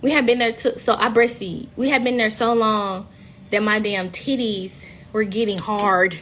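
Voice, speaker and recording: A woman's voice: medium pitch, steady tone, moderate pace, fairly bright tone, slight background noise. A woman, a reality TV cast member chatting candidly and bluntly on a phone livestream, swearing freely. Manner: candid, blunt, profane storytelling. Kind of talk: casual livestream chat.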